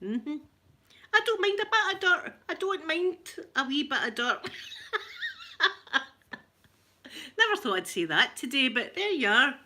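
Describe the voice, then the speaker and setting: A Scottish woman with a rough voice, chatting casually and laughing as she tells stories to viewers on a live stream. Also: high-pitched, very animated, normal speed, bright, forceful tone. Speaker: livestream host chatting with viewers.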